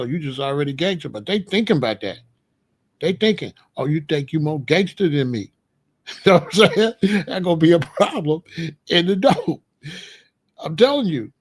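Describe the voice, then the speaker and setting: Male host, raspy fry, slightly high pitch, blunt street commentary. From Chicago. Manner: blunt, streetwise, repeats phrases. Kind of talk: casual commentary monologue.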